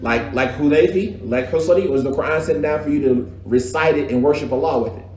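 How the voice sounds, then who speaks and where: A man teaching a casual religious class, talking in a lively, slangy way and mimicking recitation styles. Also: on the high side, fast. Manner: animated, conversational, slangy, imitates recitation styles. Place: echoey mosque classroom. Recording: echoey room with faint background ambience.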